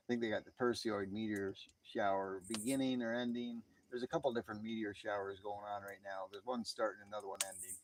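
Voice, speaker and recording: A man's voice: lowish voice, a little hiss or hum. A man hosting a casual late-night live stream, talking outdoors in a laid-back way, chuckling often and reading out chat messages.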